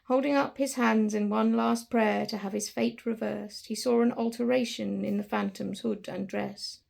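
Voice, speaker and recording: A woman narrating a classic story with an expressive, dramatic reading. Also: on the high side, moderate pace, creaky.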